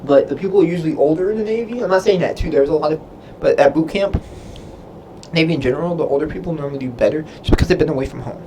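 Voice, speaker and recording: Racing through his answers in a higher-pitched voice, a young Navy sailor responds casually to viewer questions on a livestream amid heavy background noise. He rambles, uses lots of fillers, and loses his train of thought.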